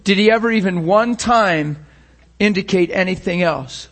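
A man's voice: high-pitched, normal speed, a bit bright. A man preaching a sermon with passion, firing rhetorical questions and acting out the scenes he describes.

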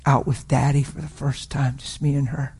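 A middle-aged man preaching, telling a personal story with emotional swings from loud declarations to hushed whispers. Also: medium pitch, level tone, moderate pace, breathy edge. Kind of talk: sermon testimony.

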